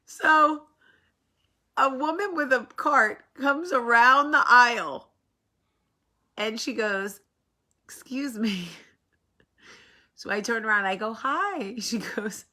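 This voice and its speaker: A woman from New Jersey with a heavy New York accent, hosting a casual talk show and telling funny stories, animated and swearing freely. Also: fairly high pitch, slow pace, pauses often. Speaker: host. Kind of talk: casual storytelling chat.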